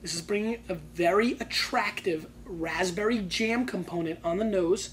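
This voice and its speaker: A man hosts a wine tasting show, reviewing bottles loudly and excitably in slangy language, swinging from hushed asides to shouting bursts. His voice is high and his speed normal, with a little hiss or hum in the audio.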